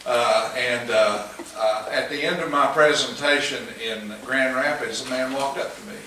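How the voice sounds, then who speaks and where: A man's voice: mid-range voice, moderate pace, pushed and bright. A man with an East Tennessee accent teaching a Sunday school class, folksy and joking, chuckling often. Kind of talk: casual church class talk. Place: church classroom. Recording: echoey room, mic far off, noisy.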